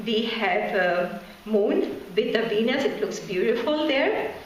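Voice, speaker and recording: A woman host politely introducing a guest speaker at a public talk, pausing often with fillers. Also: fairly high pitch, expressive, slight background noise. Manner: polite, hesitant with many fillers. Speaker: event host. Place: lecture hall. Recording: echoey hall from far off.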